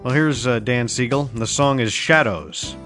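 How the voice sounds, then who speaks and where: A man hosting a smooth jazz web radio show, chatting casually between tracks with self-deprecating asides. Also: mid-range voice, moderate pace, fairly bright tone, soft background music. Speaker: radio DJ host.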